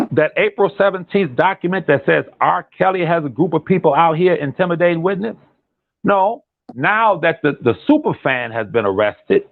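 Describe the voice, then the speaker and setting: A man, a guest on a call-in commentary chat, talking in an animated, repetitive and emphatic way. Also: high voice, no echo. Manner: animated, repetitive and emphatic, drops into imitated quotes. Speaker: guest on a commentary channel, relative of a defendant. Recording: tinny phone line.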